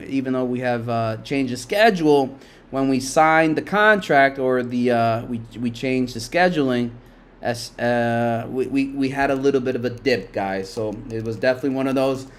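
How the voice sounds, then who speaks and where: Brief: middle-aged male live-stream trader, mid-pitched, salty, rambling, talks to chat. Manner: loose, profane, talks to chat, laughs a lot. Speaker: livestream stock market host. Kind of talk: casual live-stream commentary.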